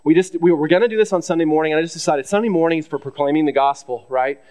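A male pastor addressing his congregation from the pulpit in a brisk, rushed delivery. His voice sits a little high for a man, and he talks earnestly, stumbling over restarts and tagging "right?" onto his points. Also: a little mellow. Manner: earnest, many fillers and restarts, asks "right?" often. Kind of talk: church announcement from the pulpit. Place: church sanctuary.

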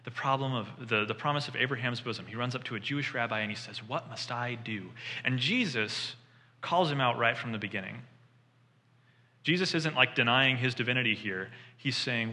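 Bright-voiced man preaching in a reverberant hall. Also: mid-range voice. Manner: animated storytelling, voices quoted figures. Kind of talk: sermon.

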